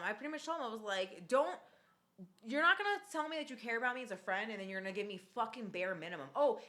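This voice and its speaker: Woman, casual podcast chat, bright voice, animated, swearing, lots of "like". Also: mid-range voice. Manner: animated, swears freely, many fillers. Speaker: podcast host.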